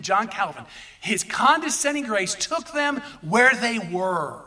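A male pastor preaching a sermon in an animated way, addressing the congregation directly. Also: very high voice, moderate pace, distant mic.

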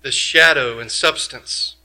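In his sermon, the pastor is emphatic, leaning on rhetorical questions and moving from booming to hushed. His pitch is medium and his pace slow.

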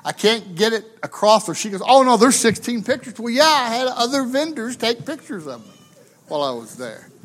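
A man's voice: sits high, big pitch swings, moderate pace, a bit bright. A pastor from the United States telling a funny story in a sermon. He is folksy and chatty and often tags his lines with questions.

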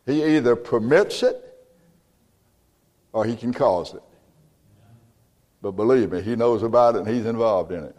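A man preaching a sermon as pastor, emphatic and building to loud peaks. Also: medium pitch, moderate pace, pauses often, big-room sound. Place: church.

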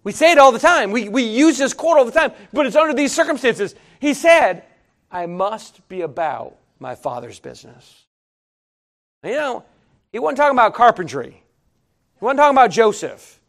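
A man's voice: very high voice, expressive, a little fast, a bit bright. A middle-aged man preaching a sermon, telling folksy stories and talking straight to the congregation. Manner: folksy, storytelling preacher, addresses congregation directly. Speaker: pastor.

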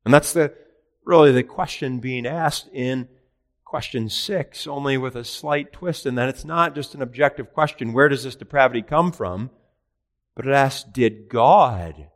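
Earnest male preacher, emphatic questions. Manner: earnest preaching, rising in pitch and volume for emphasis; rhetorical questions, slow emphatic phrasing. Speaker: pastor. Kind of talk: catechism sermon.

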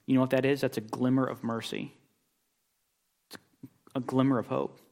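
A man's voice: medium pitch, level tone, normal speed, vocal fry, darkish tone. A man preaching an expository sermon, emphatic, with rhetorical questions and repeated phrases. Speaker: pastor. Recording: long reverb of a large hall.

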